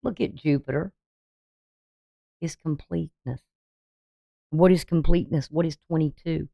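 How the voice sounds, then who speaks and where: A woman who reads tarot and does astrology walks her viewers through an upcoming forecast, emphatic and a little preachy, using rhetorical questions to drive her points home. Her somewhat low, mellow voice is creaky, moves at a moderate pace, and leaves long pauses. The recording is dry, with no room sound at all.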